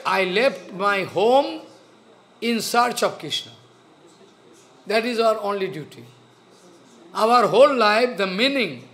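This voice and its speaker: Man, high voice, earnest sermon, repeats himself. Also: a bit bright. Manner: repeats phrases and restarts, slow and earnest. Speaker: spiritual teacher.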